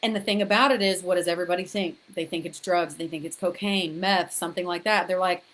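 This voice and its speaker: A woman's voice: lowish voice, fairly even intonation, fast, few pauses, a bit bright. A woman frankly recounting her own experiences to viewers in a chatty, direct way, often restarting and repeating words as she talks. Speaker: author sharing her story. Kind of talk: candid personal storytelling to camera.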